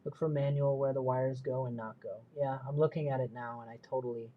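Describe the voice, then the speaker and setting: A man's voice: mid-range voice, fairly even intonation, fairly quick, narrow, tinny audio. Man muttering through a live build. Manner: muttering to himself, self-deprecating, chatty asides. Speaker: livestream host. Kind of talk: live build stream, thinking aloud.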